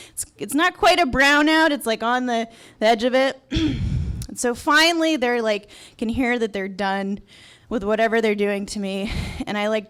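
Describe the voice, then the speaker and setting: A woman's voice: fairly high pitch, a bit bright, smooth. A young adult woman telling a personal story at a live event in a restaurant, candid and wry with a sarcastic edge.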